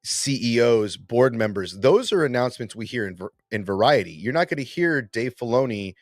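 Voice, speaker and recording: A man's voice: medium pitch, lively intonation, normal speed, dry recording, clean studio sound. A man co-hosting a podcast in a casual debate, emphatic and repeating words as he builds a point. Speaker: podcast co-host.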